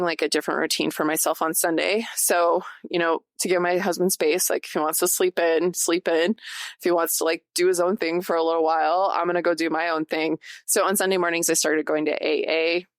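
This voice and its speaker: A woman's voice: on the low side, little pitch movement, a little fast, no room sound, clean studio sound. A woman hosting a podcast on her own, chatting casually and straight to her listeners, partly reading from notes. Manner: chatty, addresses listeners directly, laughs often. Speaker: podcast host. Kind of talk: casual solo podcast talk.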